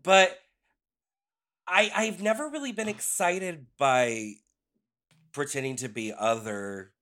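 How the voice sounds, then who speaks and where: A man's voice: on the high side, slow pace, bright, forceful tone. Candid, self-mocking male guest. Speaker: podcast guest, drag performer. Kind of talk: casual interview chat.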